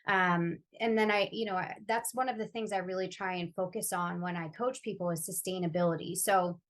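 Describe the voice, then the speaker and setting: A woman's voice: on the low side, fairly even intonation, brisk. A woman who works as a financial coach, answering interview questions candidly and sharing her own struggles in an earnest, heartfelt way. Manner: earnest, heartfelt, personal storytelling. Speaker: financial coach, podcast guest.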